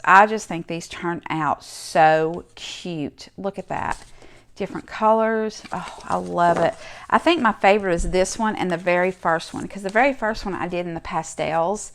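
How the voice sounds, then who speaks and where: Casual crafting vlogger, woman, middle-aged, lowish voice, chatty and enthusiastic. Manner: chatty and enthusiastic, gushing over her cards. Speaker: crafting channel host. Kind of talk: casual show-and-tell vlog.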